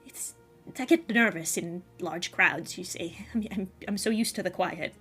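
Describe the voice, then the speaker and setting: A woman voicing a nervous, scarred man with snake eyes who stammers softly and hesitantly. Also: lowish voice, measured pace, soft background music. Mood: anxious. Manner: hesitant, stammering, soft and jittery.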